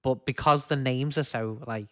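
A man co-hosting a podcast in casual chat, enthusiastic and quick to laugh. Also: medium pitch, steady tone, no room sound, studio quality. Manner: chatty, enthusiastic, laughs often. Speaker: podcast co-host.

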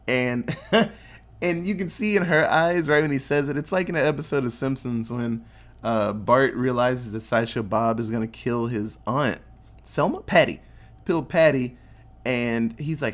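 A man's voice: mid-range voice, moderate pace. A man casually recapping a movie plot, acting out the characters' lines and swearing freely. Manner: animated storyteller acting out quotes, swears freely.

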